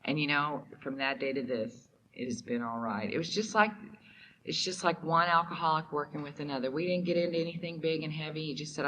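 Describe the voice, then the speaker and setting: A woman's voice: low voice, fairly even intonation, fairly quick, background noise. A woman from Oklahoma sharing her personal story at a recovery meeting, candid and emotional, with many fillers. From Oklahoma, USA. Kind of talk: personal testimony talk. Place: meeting hall at a recovery convention.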